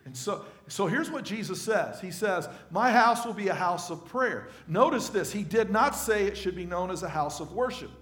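A man's voice: high-pitched, lively intonation, normal speed, hardly any pauses, fairly bright tone, roomy sound. A male pastor giving a conversational sermon to his congregation, often asking them questions. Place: church sanctuary.

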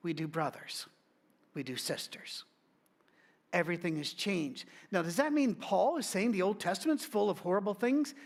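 A middle-aged man preaches, sitting high in his voice. He talks to his flock like a conversation, shooting up for emphasis and dropping to a hush. The delivery is loose and unscripted. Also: expressive, normal speed. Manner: conversational preaching with wide swings in pitch and loudness. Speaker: pastor. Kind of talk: sermon.

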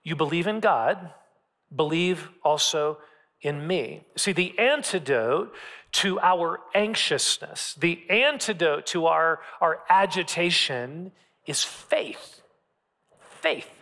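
A man giving a sermon as a pastor, talking in a relaxed, conversational way and often repeating his phrases. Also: on the high side, takes it slowly. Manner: conversational preaching, repeats phrases, varied pace.

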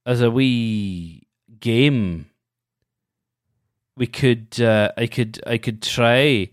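A man putting on a slow mock Scottish accent. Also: mid-range voice, dry recording, clean studio sound, close to an everyday voice. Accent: put-on Scottish. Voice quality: drawn-out, self-conscious put-on voice.

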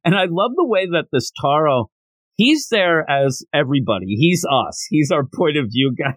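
A man's voice: on the high side, sing-song, moderate pace, no room sound. A man hosting a podcast, reviewing a manga in a casual chat and retelling scenes with lots of fillers.

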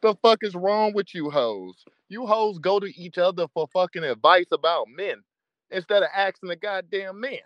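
A man's voice: high voice, a bit bright, no room sound, highs cut off. A man hosting a live audio room, ranting crudely and cursing with frequent laughter. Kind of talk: profane casual rant to listeners.

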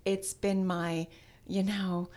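A woman guest on a podcast, telling a personal story in an animated, self-deprecating way. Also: mid-range voice, slow. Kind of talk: storytelling in casual conversation.

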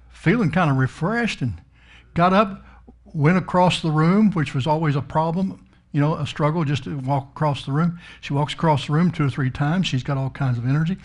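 A middle-aged man preaching, telling a story in a folksy, emphatic way. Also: a little high. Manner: folksy, emphatic, swells up on key words. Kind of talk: storytelling sermon.

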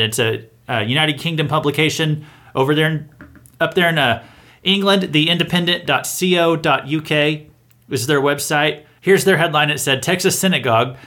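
Male commentary host, higher voice, bright and forceful delivery, sarcastic and mocking. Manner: sarcastic, mocking, chuckles between points. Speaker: host of a satirical news round-up. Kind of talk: opinionated political commentary monologue.

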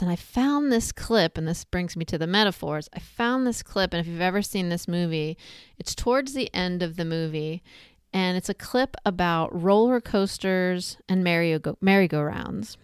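A woman's voice: fairly low pitch, clear, resonant tone, dry recording, clean studio sound. A woman talking casually, retelling a film scene with asides and comparisons. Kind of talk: casual spoken reflection.

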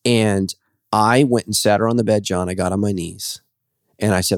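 Loud, lively male pastor host. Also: fairly low pitch, no room sound, studio quality. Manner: loud, lively storyteller, quick laughs. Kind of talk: casual podcast chat. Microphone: studio podcast microphone.

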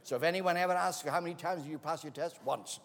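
A man's voice: on the high side, fast talker, a bit bright. A man preaching a sermon, telling stories and acting out the voices of the people in them. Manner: anecdotal, acts out quoted voices. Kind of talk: sermon with storytelling. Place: church hall. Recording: long reverb of a large hall.

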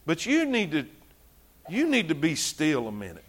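A male preacher voicing God as a calm, gentle but commanding presence, speaking slowly and quietly. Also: a little high, husky, voice pushed down, exaggerated voice. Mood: gently commanding. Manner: slow, hushed and firm.

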